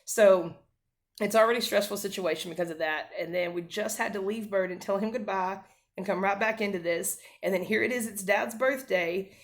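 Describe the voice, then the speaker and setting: A woman's voice: mid-range voice, fairly quick. A woman in her thirties, a mother, earnestly telling a family story to camera, with many fillers and restarts.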